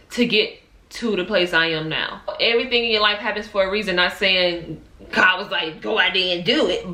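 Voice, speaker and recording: Bright candid woman in an echoey room. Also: on the low side. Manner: emotional, candid, Southern-tinged slang. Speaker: vlogger. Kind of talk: confessional vlog storytelling.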